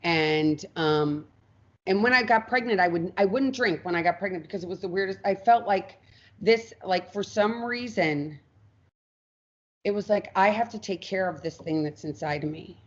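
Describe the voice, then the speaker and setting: A woman's voice: mid-range voice, normal speed. A woman guest on a podcast, telling her own story frankly and acting out what she once said. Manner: frank, animated, acts out her past self in quotes. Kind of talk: candid personal storytelling. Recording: muffled lo-fi audio.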